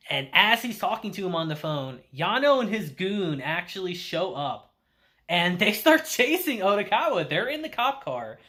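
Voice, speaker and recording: Male anime reviewer, casual and animated, with a lively pitch. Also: normal speed. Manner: animated storytelling with acted-out quotes. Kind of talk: casual episode recap.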